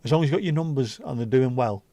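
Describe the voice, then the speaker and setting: A man's voice: mid-range voice, quick pace, mellow, no room sound. A man with a Scouse accent from Liverpool, hosting a casual livestream chat and rambling along with the odd swear word. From Liverpool, England. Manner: chatty, rambling, swears freely. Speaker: livestream host.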